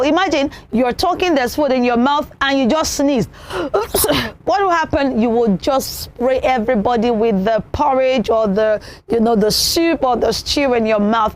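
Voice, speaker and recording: A woman presenting a children's television show, teaching manners in an animated way and acting out examples. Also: high-pitched. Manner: animated, repeats points, acts out examples.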